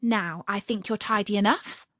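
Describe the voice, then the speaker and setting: A woman voicing Alice, a curious, kindly young girl who speaks gently and often in a hush. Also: medium pitch, moderate pace, no room sound, studio quality, lightly acted. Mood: amused. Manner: gentle, often hushed and whispery.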